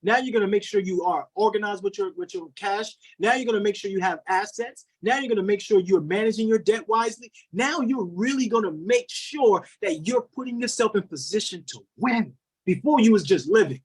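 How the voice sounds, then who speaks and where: A man's voice: high voice, brisk, few pauses, breathy edge. A man hosting a group video call and delivering a repetitive, rallying motivational pep talk. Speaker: motivational coach and call host.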